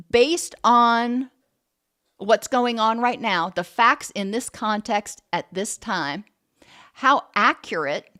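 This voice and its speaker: A woman's voice: medium pitch, a bit bright. A woman counselor giving a live online lecture on parenting, explaining steps and acting out short parent and child exchanges.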